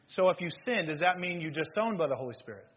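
Pastor, male, high voice with a husky edge, animated sermon delivery from loud to hushed, dull lo-fi church recording. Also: quick pace. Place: church sanctuary.

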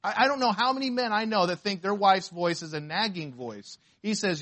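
A man preaching a sermon to a congregation, reading scripture aloud slowly and asking the listeners questions. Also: high-pitched, a bit bright. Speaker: pastor.

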